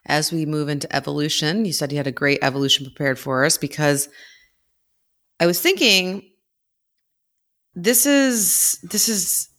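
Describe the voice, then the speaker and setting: An American woman co-hosting a relaxed wildlife podcast, playful and teasing. Her voice is bright and forward, set fairly low for a woman. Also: a little slow, pauses often. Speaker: podcast co-host. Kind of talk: casual conservation podcast chat.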